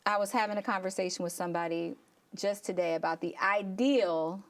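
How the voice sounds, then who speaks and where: A woman's voice: mid-range voice, a little fast. Affirming woman interview host. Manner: affirming, asks long layered questions. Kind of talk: faith-based interview.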